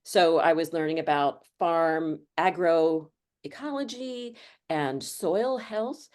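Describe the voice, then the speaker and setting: A middle-aged woman with a notably low voice talks casually as an interview guest. She rambles through her answers, full of ums and restarts, in a loose, conversational way. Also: slow pace, a little mellow. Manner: chatty, rambling with many fillers. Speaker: author guest.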